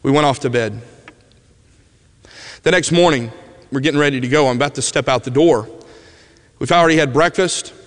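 A man preaching a personal testimony as a vivid storyteller, his voice dropping to a hush at tender moments. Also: medium pitch, moderate pace, pauses often. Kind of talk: emotional sermon storytelling. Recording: long hall reverb.

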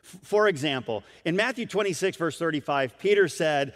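A man's voice: on the high side, expressive, moderate pace, few pauses, in a large hall. A man preaching a sermon in an emphatic, dramatic way, with big swings in volume.

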